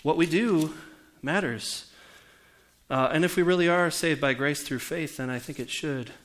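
A man's voice: fairly high pitch, unhurried, a bit bright. A man in his forties, a pastor preaching a conversational sermon and putting questions to the congregation. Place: church.

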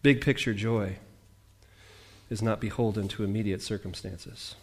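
A man preaching a sermon as pastor, animated, with jokey asides and voices he mimics. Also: fairly low pitch, unhurried.

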